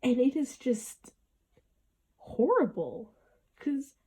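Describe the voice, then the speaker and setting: A woman hosts her own podcast in a casual monologue, her voice lowish, warm and a bit breathy at normal speed. She speaks earnestly and reflectively, often starting her sentences over.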